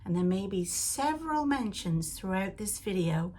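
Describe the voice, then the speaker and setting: A woman hosting a knitting podcast in a rambling, chatty way, with frequent laughs and animated asides. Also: mid-range voice, moderate pace, slight background noise.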